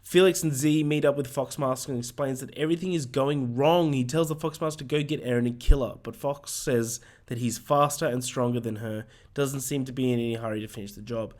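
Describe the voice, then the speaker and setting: A man co-hosting a film podcast, recapping the plot in casual chat with lots of ums and swearing asides, his voice hoarse. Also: mid-range voice, steady tone, a little fast, few pauses, a little mellow. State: hoarse, voice going.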